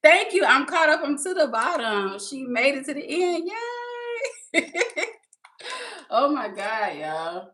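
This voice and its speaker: A woman with a high, slightly bright voice streams live, speaking slowly and pausing often, yet sounding very animated. She meanders in casual conversation, reads the chat out, laughs plenty, and refers to her viewers as "y'all."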